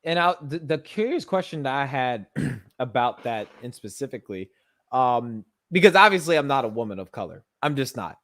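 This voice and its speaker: A man's voice: medium pitch, very animated, moderate pace, a bit bright. A man hosting a podcast conversation, speaking emphatically and asking long, rambling questions. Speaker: podcast host.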